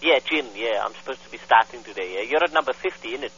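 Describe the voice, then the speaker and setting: A man's voice: medium pitch, animated, fast, fairly bright tone, breathy edge. A British man making a prank phone call, brash and teasing while playing dumb, over muffled call audio. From Britain. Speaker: prank caller.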